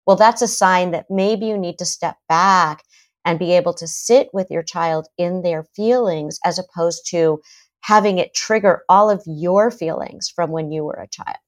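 A middle-aged woman, a psychotherapist, talking in a podcast interview and acting out parents and kids in quick quotes. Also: on the low side. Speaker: psychotherapist guest.

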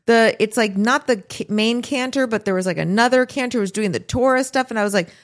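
A woman's voice: fairly high pitch, fast talker. A middle-aged woman co-hosting a podcast, telling a story in casual chat and acting out what she and others said. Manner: animated storytelling, quotes herself and others. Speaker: podcast co-host.

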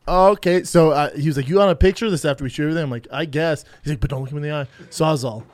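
A man with a fairly high voice chats casually on a podcast. He tells stories with lots of energy and slips into voices for the people in them. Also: rapid-fire. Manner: animated storyteller, acts out others' voices. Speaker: podcast co-host. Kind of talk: casual chat.

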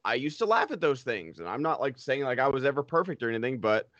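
A man's voice: medium pitch, very animated, fast talker, a bit bright, dry recording, highs cut off. A man hosting a casual talk show, rambling and filling his speech with "like". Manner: rambling, heavy on "like". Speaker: podcast host. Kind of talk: casual chat.

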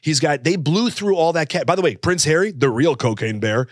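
A man's voice: a little high, lively intonation, brisk, no echo, studio quality. A man co-hosting a comedy podcast, joking and rambling with lots of fillers. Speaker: podcast co-host. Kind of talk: casual comedic chat.

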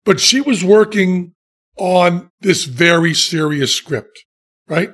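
A man spins a long, self-mocking anecdote in relaxed conversation. His voice sits high for a man and he takes his time, with dry, deadpan timing and his own laughter breaking in. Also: slow, slightly rough. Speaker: podcast guest telling stories. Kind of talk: casual storytelling chat.

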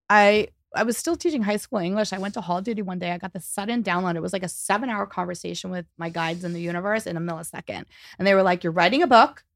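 Lively storytelling woman with a gravelly edge. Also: mid-range voice, no echo, studio quality. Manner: fast, animated, acts out quoted dialogue. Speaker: psychic medium and author, guest. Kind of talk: storytelling in a podcast interview.

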